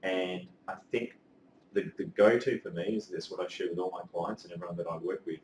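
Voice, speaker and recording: A man, telling his story as a life coach in a casual interview, earnest and animated, with casual swearing. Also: deep voice, fairly quick, slight background noise. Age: 30s. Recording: echoey room, mic at a distance.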